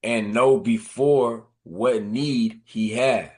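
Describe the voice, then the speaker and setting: A man co-hosting a podcast, talking casually and reading scripture verses slowly and deliberately. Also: medium pitch, steady tone, a little mellow. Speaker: podcast co-host.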